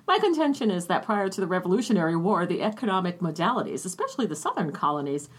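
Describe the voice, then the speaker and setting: A woman voicing a pompous young male grad student, reciting in a fast, show-off way. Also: on the low side, very animated, husky. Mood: smug.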